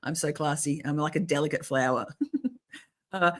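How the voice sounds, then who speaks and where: Chatty middle-aged woman streamer, a touch low. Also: normal speed. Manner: chatty and swearing, frequent throat clearing and restarts. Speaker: livestream host. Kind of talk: casual livestream chat.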